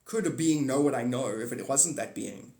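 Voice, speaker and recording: A man's voice: mid-range voice, moderate pace, warm tone. A man hosting a livestream, rambling through a monologue and answering chat comments aloud. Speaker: livestream host. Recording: echoey room.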